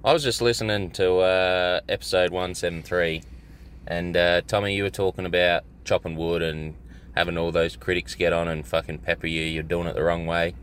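A man's voice: deep voice, flat delivery, moderate pace, slight background noise. A man from South Australia leaving a crude, jokey voice message for a podcast. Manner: crude, jokey, starts in a mock-posh voice. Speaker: listener voicemail caller. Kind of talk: recorded voice message.

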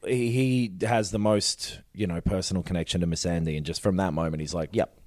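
Low-voiced man recapping a show. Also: brisk, a little mellow, no room sound, studio quality. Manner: rambling, swears casually, acts out quotes. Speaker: podcast co-host. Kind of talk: casual chat recapping a TV episode.

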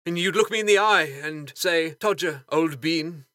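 A performer playing a bumbling Victorian gentleman with a plummy, blustering manner. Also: mid-range voice, normal speed, no room sound, clean studio sound, lightly acted. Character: bumbling Victorian gentleman, old school chum.

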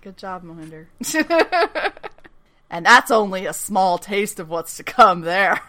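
Slowly and forcefully, with a bright, medium-pitched voice and lively intonation, a podcast co-host chats through a TV episode recap. She swears freely, laughs frequently, and performs characters' lines.

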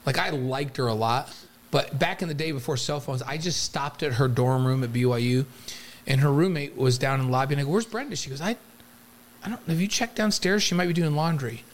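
A man's voice: medium pitch, a little fast. A man co-hosting a sports podcast, telling stories animatedly with frequent stammers. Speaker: podcast co-host. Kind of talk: casual sports chat.

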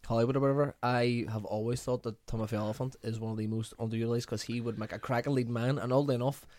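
A man's voice: mid-range voice, fairly even intonation, fast, darkish tone. A man co-hosting a casual film chat, rambling and swearing, laughing often. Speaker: podcast co-host.

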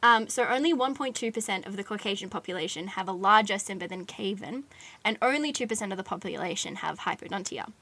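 Bright-voiced woman telling a true-crime story. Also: mid-range voice, lively intonation, quick pace, husky. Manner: chatty storyteller, many "like"s, giggly asides. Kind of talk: casual chat.

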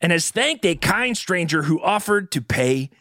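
A man co-hosting a comedy podcast, reading mock news with animated, mock-earnest anchor delivery. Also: sits high, normal speed, no room sound, studio quality. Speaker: podcast co-host.

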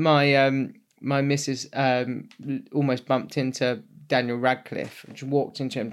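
A young man co-hosting a podcast, telling anecdotes in casual chat and laughing often. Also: medium pitch. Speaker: podcast co-host.

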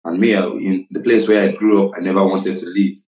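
A young Nigerian man with a low, deep voice talks earnestly as an interview guest, circling back over his phrases as he finds the words. He comes through a remote call that sounds roomy and echoey. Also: flat delivery, brisk, a little mellow. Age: young adult. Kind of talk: casual interview.

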